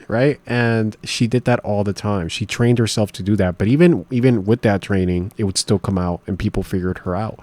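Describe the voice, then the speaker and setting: A man with a somewhat low voice comments casually on clips, circling his points and restarting sentences as he goes. The sound is dry and close, with little room around it. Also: brisk, hardly any pauses, a little mellow, no echo. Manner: rambling, thinking aloud with many restarts. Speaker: reaction video host.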